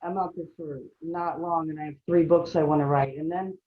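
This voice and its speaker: A woman on a writing faculty panel, answering a question in an animated, talkative, self-deprecating way over a video call. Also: deep voice, brisk. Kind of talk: casual panel discussion. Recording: slightly muffled audio.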